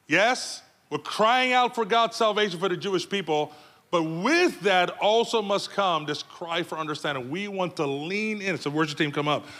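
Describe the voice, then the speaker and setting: A man's voice: high voice, pushed and bright. A man preaching a sermon in a conversational, repetitive way with many fillers, making pleading, urgent appeals.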